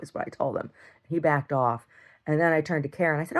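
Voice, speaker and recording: Middle-aged woman, deep voice, casual video-diary storyteller, rambling and blunt. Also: lively intonation, fast talker. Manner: rambling, repeats words and restarts, swears when heated. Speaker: video diarist.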